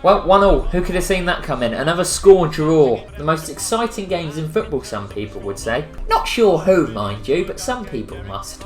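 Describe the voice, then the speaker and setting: A young man commentating on his own football video game play, joking sarcastically and breaking into excited outbursts. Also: a little high, normal speed, few pauses. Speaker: gaming YouTuber. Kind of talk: live gameplay commentary. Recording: faint music behind voice.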